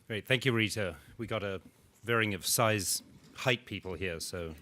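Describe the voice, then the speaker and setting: A man introducing a speaker at a conference, in a measured, slightly halting way, on a stand microphone in a conference hall. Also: fairly low pitch, noisy background.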